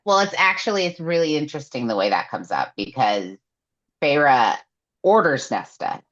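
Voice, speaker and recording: Very low-voiced woman recapping a book. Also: moderate pace. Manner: animated storyteller acting out quotes. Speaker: podcast co-host. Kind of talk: casual book recap chat. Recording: dull lo-fi sound.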